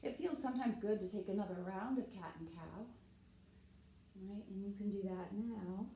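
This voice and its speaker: This is guided yoga instruction from a woman who demonstrates as she speaks, keeps checking in with "right?", and is slightly breathless. Her voice is mid-range and mellow at a moderate pace. The low-quality recording is reverberant with slight background noise.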